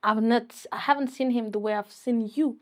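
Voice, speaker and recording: A young woman from Ukraine tells her story in an interview, her voice a little higher than most. She is teary and emotional, speaking haltingly with frequent laughs. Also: steady tone. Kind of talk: personal interview.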